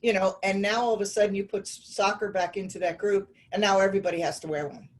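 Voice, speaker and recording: A woman who heads a youth soccer association, explaining her points in a measured way on a video call. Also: medium pitch, steady tone, rough recording. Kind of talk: casual video call meeting.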